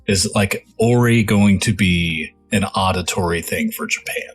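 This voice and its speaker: Low husky podcast co-host. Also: male voice, faint music behind. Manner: quick reactive quips. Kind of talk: casual chat, short interjections.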